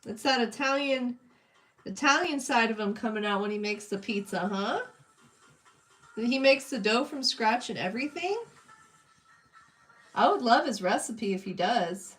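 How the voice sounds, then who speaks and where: A woman's voice: on the high side, animated, unhurried, pauses often, fairly bright tone, faint music behind. A young woman chatting casually with her live-stream chat while she draws, greeting viewers and reading their comments. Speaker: streamer drawing requests.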